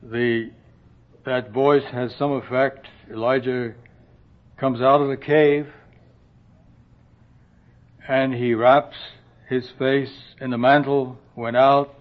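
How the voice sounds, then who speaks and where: A man preaching a sermon in a slow, earnest way, often dropping to a soft hush and clearing his throat. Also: mid-range voice, flat delivery. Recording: dull lo-fi recording.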